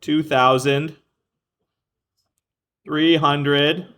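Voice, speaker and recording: A man's voice: fairly high pitch, level tone, very slow, fairly bright tone, smooth. A male math teacher explaining a lesson to a class, thinking aloud, correcting himself and calling on students by name.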